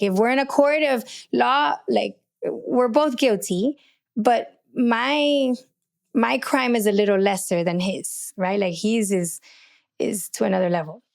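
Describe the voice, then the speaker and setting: A middle-aged woman hosts a podcast on faith and relationships, her medium-pitched voice gravelly and a little mellow. She shares a personal story candidly and chattily, acting out her own thoughts.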